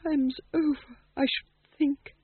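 A man voicing a weary, hesitant middle-aged traveling actor, speaking slowly with sighs. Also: extremely high pitch, little pitch movement, no echo, pitched above the performer's own voice. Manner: slow, sighing, hesitant. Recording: tinny phone-like dry recording.

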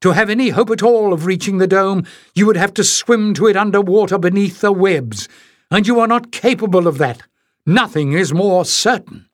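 Audiobook figure: man playing a proud, scornful piper elder, higher-pitched, clipped and forceful, dry close sound. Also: moderate pace, no echo, close to an everyday voice. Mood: fierce. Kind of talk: audiobook character reading.

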